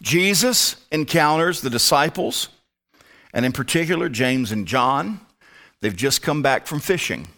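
A man's voice: a little high, expressive, unhurried, pushed and bright. A man teaching a Bible lesson as a pastor, talking his way step by step through a word study with muttered asides.

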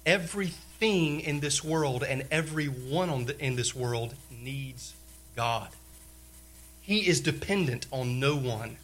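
A male pastor preaching a sermon, repeating key phrases emphatically and swinging between loud declarations and hushed lines. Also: fairly high pitch, expressive, unhurried.

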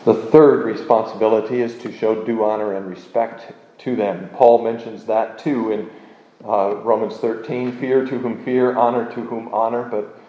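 Man, low mellow voice, measured teaching pace, dull roomy recording. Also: fairly even intonation. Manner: measured, deliberate, with frequent uh fillers. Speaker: teacher of a confession. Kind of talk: doctrinal teaching lecture.

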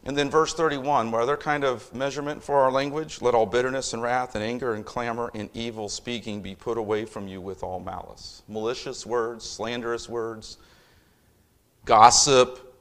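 A middle-aged man preaching a sermon as a pastor, emphatic, with loudness that rises and falls. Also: medium pitch, fairly even intonation, normal speed.

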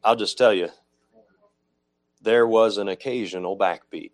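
Man, low voice, church sermon, explanatory, repeats and corrects himself. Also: a little slow. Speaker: pastor. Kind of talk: sermon teaching.

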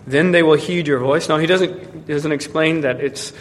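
Male preacher, emphatic sermon delivery, somewhat high voice, faint background rumble. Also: normal speed. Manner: emphatic, repeats words when restarting. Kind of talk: expository sermon. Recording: long hall reverb with faint rumble.

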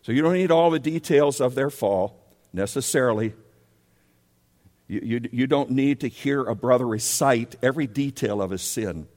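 A man preaching a sermon as pastor, emphatic, repeating key words and swinging between loud and soft. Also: medium pitch, normal speed. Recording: long reverb of a large hall.

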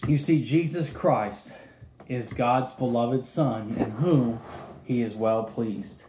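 A man's voice: mid-range voice, takes it slowly, mellow, reverberant, a little hiss or hum, poor audio. A man preaching a sermon, reading Bible verses aloud and then calling his listeners to be saved.

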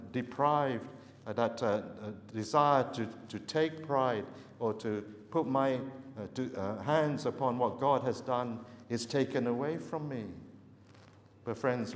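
A man preaching a sermon earnestly, repeating words for emphasis and pausing on fillers. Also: medium pitch, slight background noise. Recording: echoey hall with long reverb.

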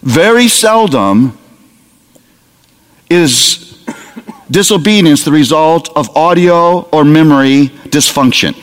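A man preaching a sermon to parents, lively and humorous, acting out little scenes of talking to a child. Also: fairly high pitch, takes it slowly, pauses often. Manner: animated, humorous, acts out parent dialogue. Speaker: pastor. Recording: long hall reverb.

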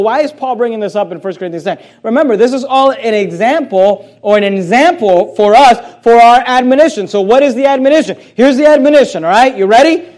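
A man preaching a sermon and reading King James scripture, with a dynamic delivery that swings from loud emphatic lines to quiet low asides.

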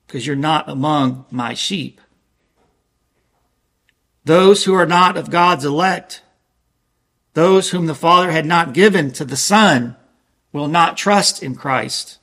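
A man preaching a sermon in an earnest, emphatic way, slowing down to stress quoted scripture. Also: on the high side, a bit bright.

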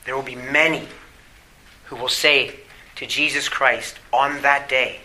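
A male pastor delivering a sermon, reading scripture aloud and asking the congregation rhetorical questions, swinging from emphatic to hushed. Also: medium pitch, steady tone, unhurried, slight background noise, poor audio. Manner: emphatic preaching with rhetorical questions, drops to quiet asides.

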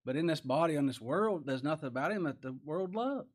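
A man preaching a sermon as pastor, chuckling often and rising to loud emphatic bursts. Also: fairly high pitch, lively intonation, brisk.

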